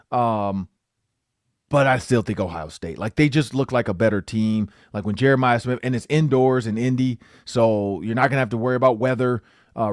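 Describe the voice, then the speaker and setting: A man's voice: mid-range voice, dry recording, studio quality. A man hosting a sports podcast, talking loosely and animatedly with lots of filler words. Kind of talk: casual sports talk.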